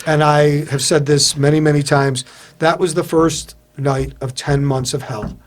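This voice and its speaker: A man being interviewed as a guest on a radio show, telling a personal story in a rambling, animated way with frequent restarts. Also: on the high side, measured pace. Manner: animated, acts out dialogue while recounting events. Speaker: guest, founder of a motivational group.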